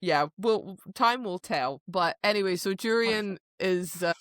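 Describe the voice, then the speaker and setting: A woman's voice: mid-range voice, a little slow, no echo, studio quality. A woman co-hosting a book podcast in casual chat, acting out character lines as she goes. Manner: animated, acts out character lines. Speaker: podcast co-host.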